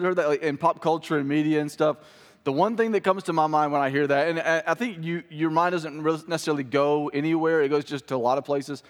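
A man pastor giving a sermon in a church, casual and joking with the congregation. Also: on the high side. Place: church sanctuary. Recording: hall reverb.

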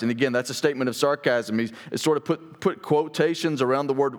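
A man's voice: mid-range voice, steady tone, a little fast, few pauses. A man preaching a sermon, reading scripture aloud and then talking it through conversationally, asking the congregation questions. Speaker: pastor.

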